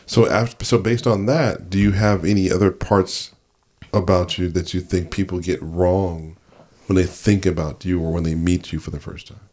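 Man, low-pitched, chatty storytelling host who slips into quoted voices. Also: fairly even intonation, normal speed, darkish tone. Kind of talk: family conversation, storytelling.

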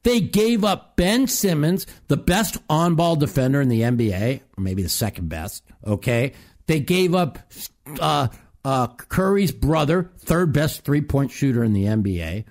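A man's voice: fairly high pitch, big pitch swings, unhurried, a little mellow. A man hosting a call-in talk show, ranting profanely and animatedly about sports. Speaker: host.

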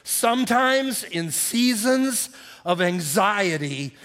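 A middle-aged man preaching a sermon, telling a story vividly and acting out the voices, sometimes dropping to a hush. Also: sits high, takes it slowly. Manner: animated storyteller, acts out quotes, drops to hushed tones. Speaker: pastor. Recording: live in a reverberant church hall.

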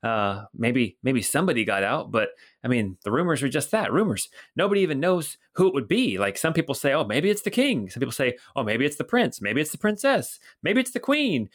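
A man's voice: a little high, a bit bright, pitched above the performer's own voice, exaggerated voice. Man doing a chatty rotund old guard. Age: 50s. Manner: gossipy, rambling, conspiratorial. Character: chatty rotund older male city guard.

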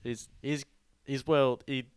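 A man's voice: medium pitch, fairly even intonation, slow, a little mellow, slight background noise. A young man co-hosting a casual podcast, cracking crude jokes and swearing. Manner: crude jokes, swears, says mate and bloody. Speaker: podcast co-host. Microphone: podcast microphone.

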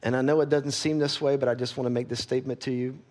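A man preaching a sermon as pastor, earnest and candid, often checking in with his listeners and growing soft and quiet when he gets personal. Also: medium pitch, flat delivery, fast. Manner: earnest, candid, asks the congregation for agreement.

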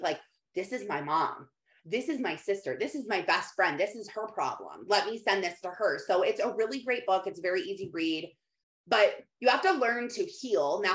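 A woman and mother who leads a church moms' group, talking candidly and practically about faith and parenting. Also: mid-range voice. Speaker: mom group leader. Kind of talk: casual faith talk to camera. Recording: echoey room.

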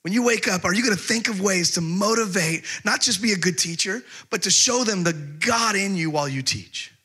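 A middle-aged man preaching a sermon as pastor, telling stories with humor and slowing down to stress scripture. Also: high-pitched, bright, forceful tone, slightly rough. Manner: conversational storytelling with humor.

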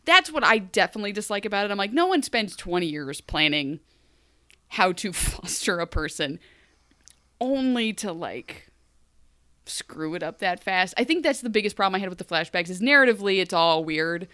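A young woman co-hosting a casual TV recap chat, animated and quick to act out characters' lines. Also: medium pitch, no room sound. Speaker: podcast co-host.

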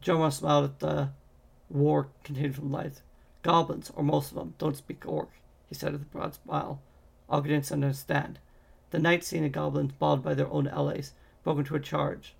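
A man's voice: a little high, little pitch movement, moderate pace, creaky, breathy edge. A man reading a fantasy novel aloud, with frequent slips and restarts. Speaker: audiobook reader.

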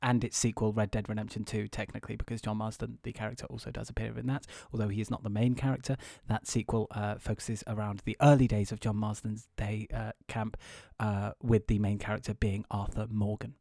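A man voicing a pompous, measured video game reviewer in a low, quiet podcast segment. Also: level tone, creaky, no echo, clean studio sound. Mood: earnest. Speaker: podcast co-host.

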